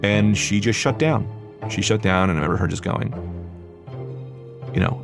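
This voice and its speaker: A man's voice: fairly low pitch, normal speed, creaky, over music. A young man from New Jersey telling a candid personal story, rambling with fillers and acting out what people said. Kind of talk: personal story told to a podcast.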